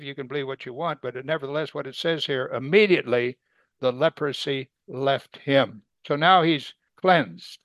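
A man's voice: on the high side, no echo. A man preaching a conversational sermon, asking rhetorical questions and acting out quoted voices. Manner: acts out quoted speakers with sudden loud excited bursts. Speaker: Bible teacher.

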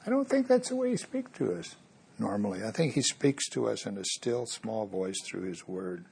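A man's voice: fairly low pitch, very animated, moderate pace, gravelly, darkish tone, husky. A man preaching a sermon, earnest, bringing the story's voices to life as he goes.

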